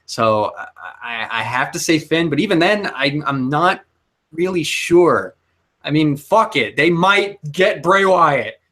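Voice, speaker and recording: A man's voice: a little high, expressive, measured pace, bright, forceful tone. A young man co-hosting a casual chat, rambling and hesitant, often restarting his sentences. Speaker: co-host.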